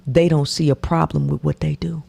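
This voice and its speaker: A woman's voice: deep voice, little pitch movement, a little fast, creaky, warm tone, slightly rough. A woman commentating on a podcast clip in a preachy way, repeating her points and often dropping to a whisper. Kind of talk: reaction commentary.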